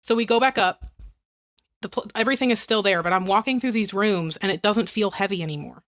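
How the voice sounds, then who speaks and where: A woman's voice: medium pitch, fairly quick, a bit bright. A woman co-hosting a podcast, telling a story casually and peppering it with "like" and "right?". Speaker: podcast co-host.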